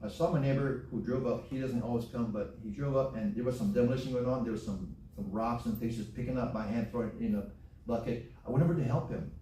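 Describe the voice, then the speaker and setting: A man's voice: mid-range voice, quick pace, dark tone, slight background noise. A man preaching a sermon in a church, folksy and repeating phrases for emphasis. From Hawaii. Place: church sanctuary. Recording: echoey church hall, from far off.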